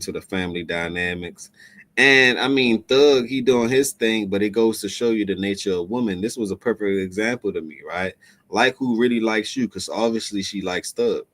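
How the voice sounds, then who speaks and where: A man hosting a reaction show, giving animated, slangy advice straight to his male viewers. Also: lowish voice. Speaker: host reacting to a clip. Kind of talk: commentary to camera.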